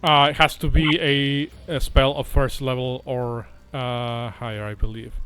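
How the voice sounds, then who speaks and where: A man's voice: mid-range voice, level tone, fairly bright tone, clear, resonant tone. A man running a tabletop game as game master, narrating with frequent hesitations. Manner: halting, many "uh" fillers.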